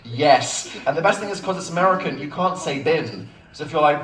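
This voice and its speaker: A lively man in his thirties chats from the stage at a book event, joking at his own expense and breaking into laughs. His voice comes across bright and clear. It is caught from out in the audience, so it sounds distant and roomy. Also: on the high side, fairly quick, hardly any pauses, a little hiss or hum. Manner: chatty and self-mocking, breaking into laughs. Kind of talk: live on-stage Q&A chat. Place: bookshop event space with a live audience. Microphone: phone recording from the audience. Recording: echoey room taped from afar.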